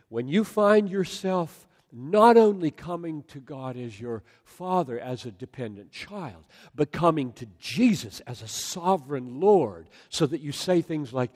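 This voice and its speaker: A man preaching a sermon in a large hall, swinging from loud exclamations to soft near-whispers. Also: mid-range voice, sing-song, a little slow. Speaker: pastor. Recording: long hall reverb.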